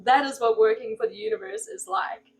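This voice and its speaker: A woman's voice: a little high, expressive, a little fast, vocal fry, poor audio. A woman talking casually on her own channel as a spiritual practitioner, rambling with fillers and laughing as she acts out little exclamations. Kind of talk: casual solo monologue.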